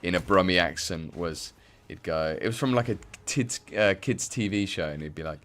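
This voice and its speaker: His voice sits low and a bit bright, moving at normal speed with few pauses. He's a young English gamer from the Midlands, rambling casually and filling his on-stream chat with fillers as he plays.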